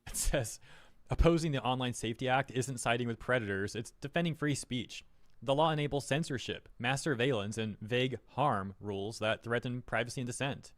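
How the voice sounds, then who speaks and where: A man's voice: medium pitch, brisk, no echo. Give me a wry male commentator reading headlines with mocking asides, dry close mic. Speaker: online news commentator.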